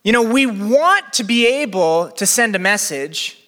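High, bright-voiced young male pastor. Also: measured pace. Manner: energetic, chatty, acts out quotes. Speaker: campus pastor. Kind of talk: sermon to a live audience. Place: church venue with balcony. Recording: long hall reverb.

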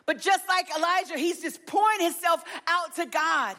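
A woman with a notably high voice preaching a sermon. She speaks earnestly and expressively, retelling a scripture story with conviction. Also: moderate pace, bright, forceful tone.

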